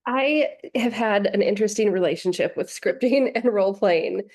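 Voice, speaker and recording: A woman's voice: mid-range voice, moderate pace, a little mellow. Candid, self-deprecating woman podcaster. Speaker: real estate coach, podcast co-host. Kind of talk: casual podcast discussion.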